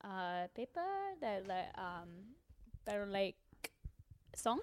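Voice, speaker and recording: A woman playing an auditioner in an improv scene, speaking halting, broken English with a put-on Spanish accent. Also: mid-range voice, a little hiss or hum, pitched below the performer's own voice, lightly acted. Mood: earnest. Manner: halting, groping for words.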